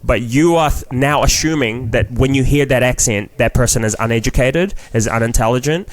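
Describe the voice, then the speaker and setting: A man's voice: medium pitch, a little fast. Young man, new zealand accent, podcast guest, frank, rambling, swears a lot. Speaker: comedian guest. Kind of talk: casual podcast chat.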